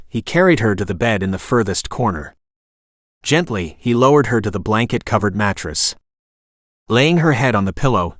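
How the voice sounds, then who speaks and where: A male text-to-speech narrator reading an audiobook with a lively, rising and falling pitch. The sound is dry and close, with no room around it. The pace stays steady and smooth. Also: no room sound. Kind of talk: scripted narration.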